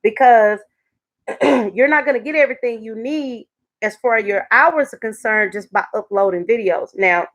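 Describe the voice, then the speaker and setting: A woman talks casually to her viewers on a live stream. Her voice sits fairly high, and she laughs often between thoughts. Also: moderate pace. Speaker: YouTube live host.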